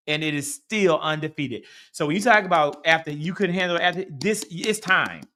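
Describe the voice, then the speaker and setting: A fired-up man rants on a political podcast, swearing freely and bursting into sudden loud peaks. His voice is bright and forceful and sits fairly high for a man. He drives every point home with heavy emphasis. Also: moderate pace, hardly any pauses. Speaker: podcast co-host. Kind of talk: heated casual political chat.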